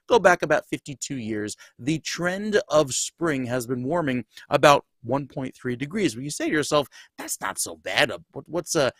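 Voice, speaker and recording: A man's voice: medium pitch, a bit bright, no echo. A man with a New Jersey accent giving a chatty, folksy TV weather forecast. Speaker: meteorologist.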